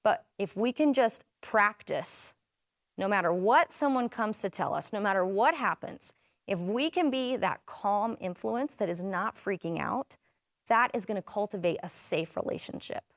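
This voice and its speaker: A woman's voice: medium pitch, lively intonation, normal speed, dry recording, studio quality. A woman presenting an interactive parenting workshop, chatting with the audience, asking questions and rephrasing their answers.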